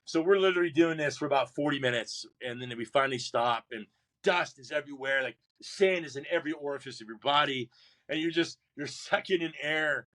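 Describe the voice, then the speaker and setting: A man's voice: a little high, fairly quick. A man telling a long personal story in a podcast interview, acting out the voices of others, often restarting his sentences. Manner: animated storyteller who acts out drill instructors and shouts his own replies; many restarts and repeated words. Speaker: guest, Marine veteran.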